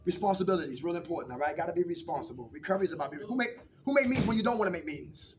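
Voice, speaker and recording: High-voiced man leading a recovery group. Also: lively intonation, rapid-fire, distant mic, noisy background. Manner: preachy call-and-response questions. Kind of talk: recovery meeting talk.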